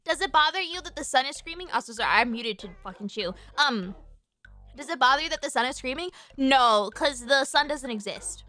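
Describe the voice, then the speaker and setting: A woman streams live, talking off the cuff in a high, bright voice. Her thoughts spill out with "like" at every turn, casual swearing, and sudden excited squeals. Faint music plays softly in the background. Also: brisk. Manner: rambling, filler-heavy, swears freely, animated squeals. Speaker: livestreamer. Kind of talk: casual chat on a livestream.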